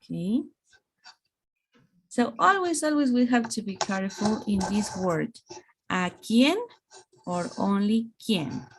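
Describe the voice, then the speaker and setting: A woman who grew up speaking Spanish teaches English grammar by video call in a mid-range, expressive voice. She goes slowly, pausing often, explaining patiently step by step with many "okay"s.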